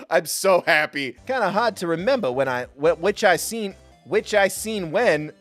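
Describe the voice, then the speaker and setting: A man's voice: high voice, lively intonation, moderate pace, few pauses, a bit bright, no room sound, soft background music. A man streaming a game, giving playful, wisecracking commentary. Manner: playful, wisecracking, laughing often. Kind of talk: jokey gameplay commentary.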